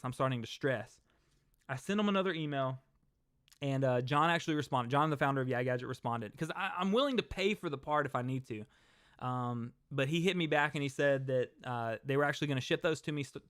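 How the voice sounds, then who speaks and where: Chatty young man with a smooth voice. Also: medium pitch, a little fast, a bit bright, no room sound, studio quality. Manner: chatty, rambling, talks to chat viewers. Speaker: host. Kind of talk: casual livestream chat.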